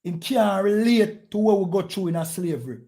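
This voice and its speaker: A Jamaican man preaching with fierce, confrontational energy, hammering his points through repetition. His voice sits high for a man, yet the tone stays dark and mellow. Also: animated, normal speed. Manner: forceful, confrontational, repeats phrases. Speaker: street preacher. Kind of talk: heated street preaching.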